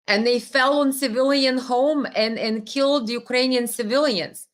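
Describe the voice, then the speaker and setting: A woman's voice: high-pitched, steady tone, a little slow. A woman hosting a live stream, giving emphatic, exasperated political commentary full of rhetorical questions.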